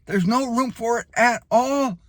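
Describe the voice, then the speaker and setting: A man giving spoken Bible teaching in an emphatic way, slowing down hard on key phrases and leaping up for emphasis. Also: no room sound. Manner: animated, leaps up in pitch for emphasis.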